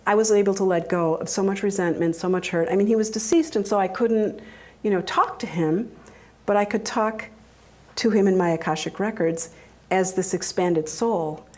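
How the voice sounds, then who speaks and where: Woman, middle-aged, lively storyteller, chatty talk, laughs between anecdotes. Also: moderate pace. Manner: animated, acts out quoted voices with big pitch jumps; laughs often while telling stories. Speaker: speaker giving a talk.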